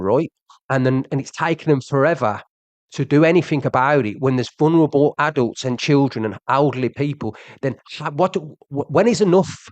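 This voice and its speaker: A young social media streamer launches into a heated rant at his audience, agitated and repetitive, pressing listeners with questions and repeatedly asking "do you understand." His voice is fairly high and a little mellow. The recording is dry.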